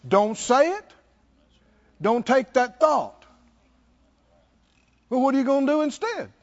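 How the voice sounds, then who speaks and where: High, lively preaching man. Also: slow pace, dull audio. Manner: emphatic, calls out to the congregation. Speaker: pastor. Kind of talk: sermon.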